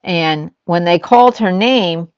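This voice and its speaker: A woman's voice: on the low side, measured pace, clear, resonant tone, dry recording, muffled recording. An older woman chatting casually as a host, telling family stories and acting out what people said. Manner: storytelling, acts out quoted lines. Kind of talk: casual chat.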